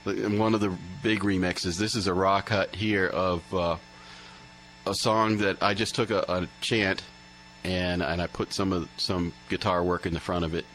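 A man's voice: low voice, flat delivery, moderate pace, fairly bright tone, a little hiss or hum, poor audio. A man being interviewed as a musician, chatting casually with many fillers and restarts. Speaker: musician guest.

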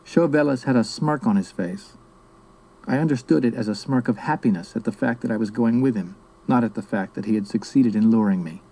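A man from South America reading his memoir aloud in a steady, measured storytelling manner. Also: medium pitch, slightly rough, rough recording. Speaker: narrator.

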